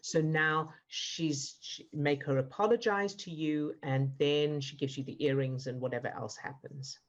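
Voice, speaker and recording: A woman coach speaks in a lowish voice, calm and encouraging as she guides someone through an exercise one step at a time. Her words reach the listener over a muffled, dull video call line. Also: a little slow. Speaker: emotional fitness coach. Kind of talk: live online coaching session.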